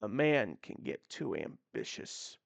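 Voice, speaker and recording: A woman voicing a grim retired male lawman turned farmer with a gruff, terse drawl. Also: extremely low pitch, huge pitch swings, slow pace, no room sound, pitched below the performer's own voice, heavily acted.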